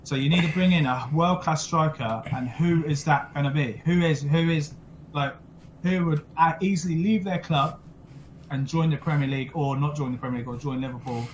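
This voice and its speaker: A man's voice: on the high side, a little fast, slight background noise, low-quality recording. A young man with a blunt, sweary, rambling manner, chatting casually about football over a video call. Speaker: football podcast co-host.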